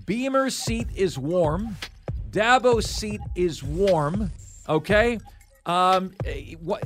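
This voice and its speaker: A man hosting sports talk radio, running an energetic countdown and calling his listeners "folks". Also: sits high.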